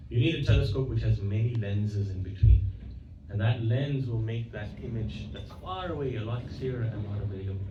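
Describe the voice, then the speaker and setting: A man's voice: mid-range voice, noisy background. A man giving a devotional lecture at a temple. He tells stories conversationally, acts out the quoted dialogue, and often corrects himself mid-sentence. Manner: conversational, with frequent self-corrections. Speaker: guest speaker at a temple. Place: temple hall. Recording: echoey, distant, dull-sounding hall recording.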